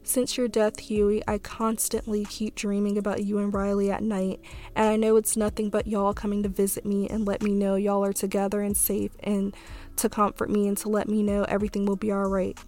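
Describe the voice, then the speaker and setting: A young woman, hosting a podcast, speaking softly and tearfully, with halting fillers as she reads a letter aloud. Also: medium pitch, monotone. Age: young adult. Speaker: podcast host. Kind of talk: reading a letter and a poem, then casual talk.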